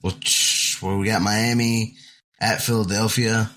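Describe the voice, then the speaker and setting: Low, bright-toned podcast dad. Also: male voice, fairly even intonation, slow. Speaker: podcast co-host. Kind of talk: casual sports podcast chat.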